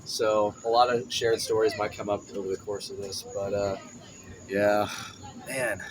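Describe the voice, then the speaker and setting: A man's voice: lowish voice, level tone, normal speed. A man in his twenties hosting a podcast, chatting casually, joking and laughing often. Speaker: podcast host. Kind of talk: casual chat. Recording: clear background noise.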